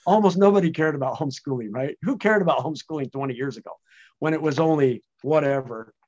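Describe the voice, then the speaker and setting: A man who researches home-based education, speaking as an animated, emphatic guest in a conversational podcast interview. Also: fairly high pitch, quick pace. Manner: animated, emphatic, frequent restarts. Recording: dull lo-fi audio.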